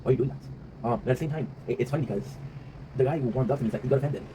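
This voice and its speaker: Rapid-talking man, rambling vlog monologue. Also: medium pitch, dark tone. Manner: rambling, reflective, swears freely, often tags "right?". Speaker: vlog host. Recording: noisy ambient background.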